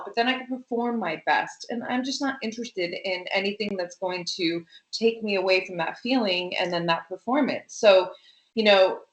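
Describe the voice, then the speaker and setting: Animated woman in an echoey room. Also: mid-range voice. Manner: animated, emphatic, many fillers. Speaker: interview guest, coach. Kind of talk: casual conversation.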